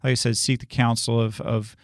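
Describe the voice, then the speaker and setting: Gravelly-voiced pastor, earnest and reassuring. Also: male voice, medium pitch, level tone, fairly quick, dry recording, clean studio sound. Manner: earnest, reassuring, with many restarts. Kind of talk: conversational sermon discussion.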